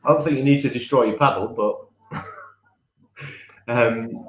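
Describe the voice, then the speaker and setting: A man's voice: mid-range voice, slow, roomy sound, a little hiss or hum. A man co-hosting a casual live-stream podcast from home, chatty and rambling, often laughing at himself. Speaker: podcast co-host.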